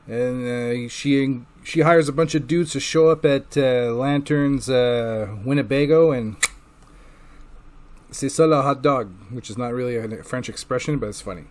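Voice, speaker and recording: A man's voice: medium pitch, normal speed, hardly any pauses, darkish tone. A man giving a loose, casual recap of comic books he has read, full of filler words and swearing. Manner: loose and profane, with filler words and acted-out quotes. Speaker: comic book reviewer.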